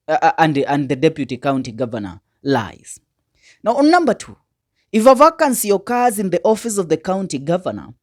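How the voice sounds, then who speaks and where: A woman's voice: sits low, a little mellow. A woman commentator reading out and explaining legal text to viewers, emphatic, asking rhetorical questions. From Kenya. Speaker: political commentator.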